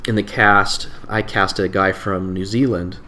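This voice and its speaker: A man's voice: low voice, fairly even intonation, unhurried, pushed and bright, a little hiss or hum. A man in his forties, a guest on an interview podcast, recounting stories in a rambling, self-correcting way. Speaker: improv director and teacher, podcast guest. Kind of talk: casual conversational interview.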